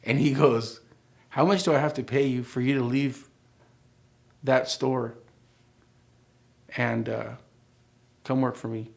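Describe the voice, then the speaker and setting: A man's voice: medium pitch, fairly even intonation, slow pace, gravelly, long pauses. A middle-aged man telling his life story as a church testimony, acting out the dialogue as he goes. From United States.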